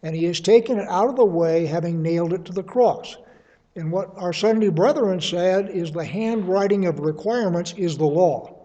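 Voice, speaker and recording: A man's voice: high-pitched, mellow, highs cut off. A man giving a conversational sermon, explaining scripture verse by verse with everyday examples. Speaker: Bible teacher.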